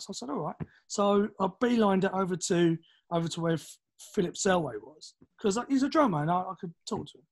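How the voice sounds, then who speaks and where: A middle-aged man from East London with a London accent, telling anecdotes as a podcast guest, animated and acting out the voices of people in his stories. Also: high-pitched, fairly quick. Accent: London English. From East London, England. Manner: animated, acts out quoted voices, swears casually. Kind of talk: casual storytelling.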